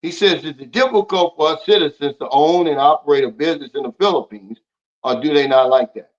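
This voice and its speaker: Speaking briskly, a man whose voice sits a little high hosts a casual livestream and bluntly lectures viewers as he responds to their comments. The audio is dull and lo-fi.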